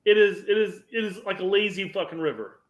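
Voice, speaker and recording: A man's voice: high voice, fairly quick, reverberant, lo-fi sound. A man co-hosting a podcast in casual chat, joking and profane, often restarting his sentences. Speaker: podcast co-host.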